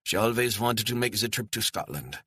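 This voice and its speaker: A man's voice: fairly low pitch, expressive, normal speed, slightly rough, pitched above the performer's own voice, heavily acted. A man voicing a chatty retired German traveler. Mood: wistful. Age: older. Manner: chatty and warm, enthusing.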